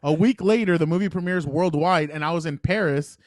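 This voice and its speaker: A man co-hosting a casual sports podcast, telling stories in an animated way and laughing easily, recorded on a close podcast mic. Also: fairly high pitch, no room sound. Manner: animated storyteller, quick to laugh. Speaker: podcast co-host.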